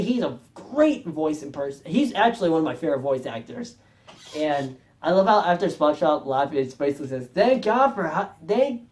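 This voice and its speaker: A man's voice: fairly high pitch, a little mellow. A man talking casually on his video channel, rambling, correcting himself often and chuckling as he goes. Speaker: music video vlogger.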